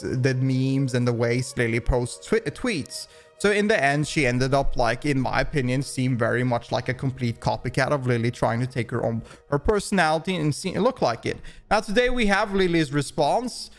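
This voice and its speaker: A man giving opinion commentary, rambling along with frequent restarts and fillers. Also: mid-range voice. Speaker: commentary YouTuber.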